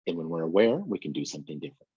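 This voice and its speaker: Deep husky male presenter. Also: sing-song, very fast, warm tone, no echo, lo-fi sound. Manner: explains with everyday examples, speaking to listeners directly. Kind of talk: online training presentation.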